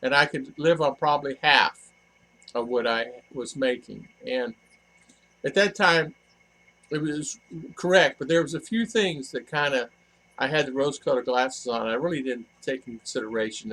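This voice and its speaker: Man, middle-aged, rambling, reflective, halting, home podcast microphone. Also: medium pitch, fairly bright tone. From United States. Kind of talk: casual personal storytelling.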